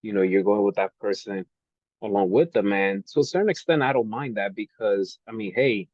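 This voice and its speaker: A low-voiced man co-hosts a casual sports chat in a relaxed, conversational way. His audio sounds dull and lo-fi, in a dry room with no echo. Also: brisk. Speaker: podcast co-host.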